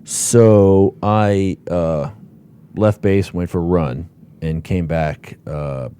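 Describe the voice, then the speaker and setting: A man's voice: low voice, fairly even intonation, extremely slow, mellow, clear, resonant tone. A man who served as a platoon lieutenant, telling war stories in a casual, profane way. He laughs often and repeats words as he talks. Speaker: host, former platoon lieutenant.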